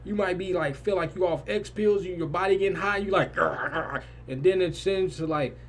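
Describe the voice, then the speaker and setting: A young man telling a story in a lively, casual way, jumping to loud, high-pitched quoted lines. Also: fairly quick, slight background noise. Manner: animated, swings loud and high in quoted lines, swears freely. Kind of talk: animated storytelling.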